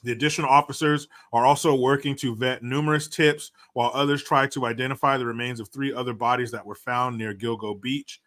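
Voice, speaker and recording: Bright-voiced man, blunt podcast host. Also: mid-range voice, steady tone, brisk, few pauses. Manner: blunt, profane, loose. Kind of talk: casual podcast chat.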